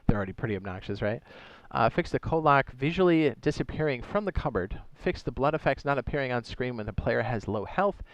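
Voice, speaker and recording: A man's voice: mid-range voice, animated, fairly quick, no echo, dull audio. A man reading out game patch notes in a casual way, adding joking asides and stumbling and correcting himself as he goes. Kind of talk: casual commentary reading a list aloud.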